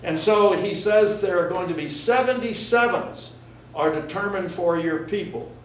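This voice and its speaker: This preacher has a high-pitched voice at normal speed. He explains word meanings as he moves verse by verse through his sermon in a church sanctuary. The sound is echoey and distant, carrying a bit of hiss or hum.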